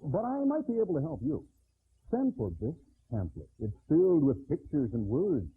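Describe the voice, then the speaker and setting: A man playing a sleazy con-man doctor selling pamphlets in a comedy infomercial, with an oily sales pitch. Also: sing-song, moderate pace, breathy edge, full character voice. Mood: salesy. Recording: lo-fi broadcast audio, faint hiss.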